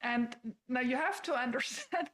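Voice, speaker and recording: Woman, French native speaker, somewhat high pitch, animated, repeats herself, laughs. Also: moderate pace. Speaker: guest commentator. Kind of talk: casual opinion chat.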